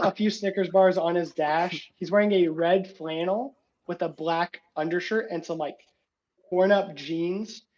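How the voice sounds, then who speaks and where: A man's voice: on the high side, darkish tone, lo-fi sound. A man narrating a tabletop game as game master, rambling casually with many fillers.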